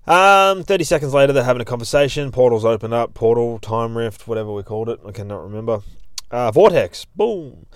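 A man's voice: mid-range voice, expressive, brisk, clean tone, no room sound, studio quality. A man, hosting a show and recapping a comic in a rambling, heavily profane, casual way. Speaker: comic review host.

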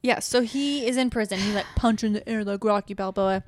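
A woman's voice: medium pitch, brisk. Chatty woman recapping a movie. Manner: giggly, chatty storytelling with acted quotes. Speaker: podcast co-host. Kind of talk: casual movie recap chat.

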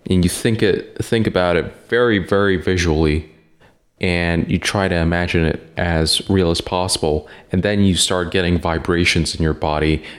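A man's voice: deep voice, fairly even intonation, normal speed. A man hosting a podcast in casual chat, rambling and hesitant with lots of fillers and casual swearing. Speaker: podcast host.

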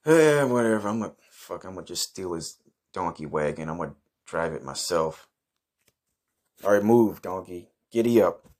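A man's voice: sits low, animated, moderate pace, darkish tone. A man telling a crude comic story in the first person, brash and swaggering, who swears a lot and bursts into outrage. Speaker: comedy podcast host.

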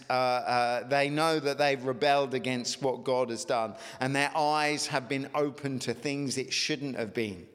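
A man preaching a sermon as pastor, emphatic, with sudden rises in pitch. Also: a bit bright. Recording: long reverb of a large hall.

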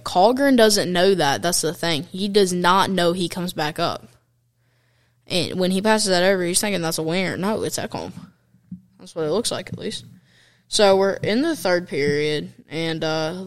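A young man talks through hockey highlights like an excited fan, keeping it casual and chatty with plenty of slang and filler words.

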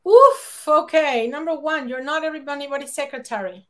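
A woman giving public speaking advice in an emphatic, animated way, often laughing and acting out quoted lines. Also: high voice, fast. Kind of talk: lively conversational advice.

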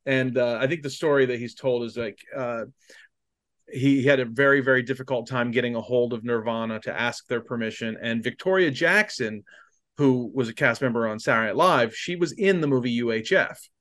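A man's voice: mid-range voice, fairly quick, fairly bright tone. A man co-hosting a podcast, telling stories animatedly and laughing as he retells them. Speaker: podcast co-host. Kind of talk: casual chat, storytelling.

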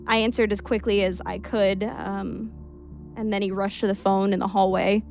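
A woman narrates a spooky first-person tale in an even, mid-pitched voice. She keeps a steady storytelling pace and drops into relaxed asides now and then. Soft music plays quietly underneath. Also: moderate pace. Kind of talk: reading a creepy story aloud.

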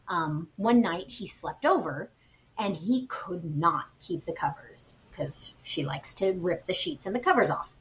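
A woman co-hosting a podcast, retelling a spooky story in a casual, animated way with plenty of fillers. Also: lowish voice, lo-fi sound, a little hiss or hum. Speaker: podcast co-host.

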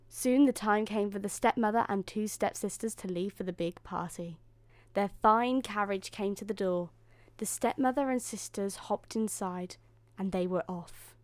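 A woman's voice: mid-range voice, moderate pace, no echo. Woman host, bedtime story narration, soothing, mid voice, dry close sound.

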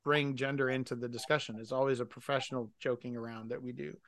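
A man's voice: mid-range voice, fairly even intonation, fast, dry recording. A man co-hosting a casual podcast, telling a work story in a rambling way and correcting himself often. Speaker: podcast co-host.

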